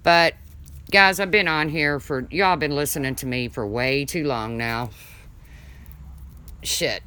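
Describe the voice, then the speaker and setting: A woman hosting a casual livestream, reading viewer comments aloud and chatting, with a deep voice people mistake for a man's. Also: slow pace, pushed and bright, clean tone. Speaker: livestream host.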